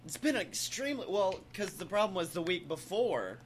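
A young man hosting a podcast in casual chat, telling stories in an animated way and acting out the people in them. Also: high voice, normal speed, slightly rough. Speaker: podcast host.

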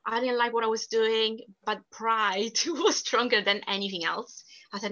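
A woman's voice: a little high, fairly bright tone. A woman from Sicily, telling her own story candidly and reflectively in an interview. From Sicily, Italy. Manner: candid, reflective, quick bursts then slow emphatic phrases. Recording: dull lo-fi recording.

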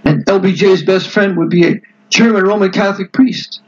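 A man's voice: high voice, fairly even intonation, normal speed, lo-fi sound. A man reading a history book aloud to a book club and breaking off into emphatic, digressive asides to his listeners. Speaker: book club reader and host.

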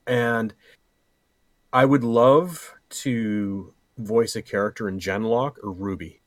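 A man's voice: fairly low pitch, slow, dry recording. A middle-aged man in a casual podcast chat, joking around and rambling with a playful manner. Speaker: podcast co-host.

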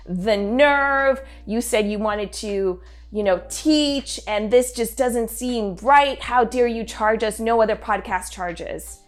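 A woman's voice: on the high side, takes it slowly, hardly any pauses. A woman mimicking an indignant, grumbling listener who scolds her with exaggerated outrage.

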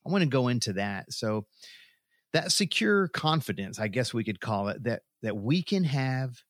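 An earnest man hosts a faith talk show and leads into the next topic with gentle, reflective phrasing. His voice sits in an everyday middle range. It sounds dry and close, with no room echo. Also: medium pitch, sing-song, moderate pace. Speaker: host.

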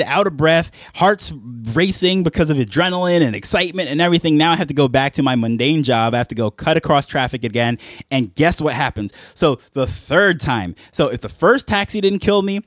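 A young man telling a personal story in a casual, chatty vlog, animated and laughing between phrases. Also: a little high, no echo, studio quality. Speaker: NFT collector telling a story.

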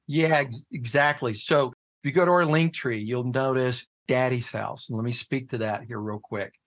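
A man talking casually on a podcast, telling a personal story with lots of swearing and sudden jumps into shouted disbelief. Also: medium pitch, moderate pace. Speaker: guest, head of a fathers' nonprofit.

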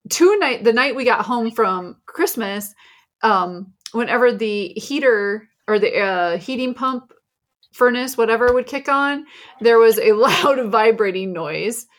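A woman's voice: on the high side, animated, measured pace. A middle-aged woman co-hosting a casual podcast with her daughter, telling rambling, exasperated stories about home life. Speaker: podcast co-host, mother. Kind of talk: casual chat.

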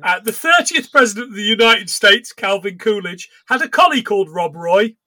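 A man's voice: high voice, animated, moderate pace, bright, forceful tone, no echo. A man co-hosting a podcast in casual chat, rambling and swearing as he recounts what he has watched. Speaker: podcast co-host.

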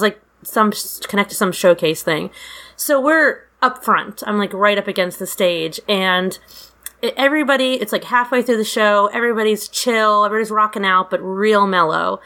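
A middle-aged woman tells a story in a loose, chatty way, cursing freely and getting animated at the big moments. Her voice is bright and forward. It sounds like an easygoing conversation. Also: medium pitch. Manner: animated, profane, laughing storyteller. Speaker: guest storyteller. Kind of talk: casual anecdote telling.

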